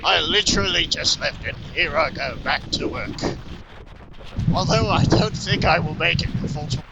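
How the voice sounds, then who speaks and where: A man riding a motorcycle in the freezing cold, talking to his helmet camera with loud, goofy, profane commentary and yelling at passersby. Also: fairly high pitch, lively intonation, a little slow, vocal fry, pauses often. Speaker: motorcycle vlogger. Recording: loud wind noise on helmet cam.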